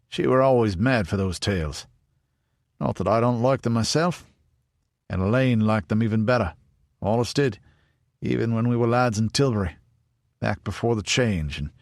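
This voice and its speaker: A man voicing a big, burly, older ranger, gruff and teasing. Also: medium pitch, no echo, studio quality, lightly acted.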